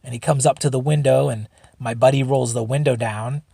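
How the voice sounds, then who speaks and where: A man's voice: medium pitch, fairly even intonation, a little fast, gravelly, dark tone, slightly rough, no echo, clean studio sound. A man hosting a solo podcast, telling a story in a rambling, laid-back way, swearing freely. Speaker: podcast host. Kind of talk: casual storytelling.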